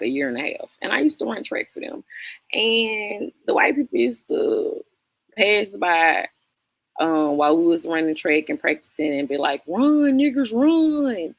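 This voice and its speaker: A woman's voice: on the low side, fairly bright tone, dry recording. A woman from the Southern United States with a Southern accent, hosting a casual livestream and bluntly answering her chat, laughing often. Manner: blunt, talks straight to chatters, laughs often. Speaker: livestream host reading chat.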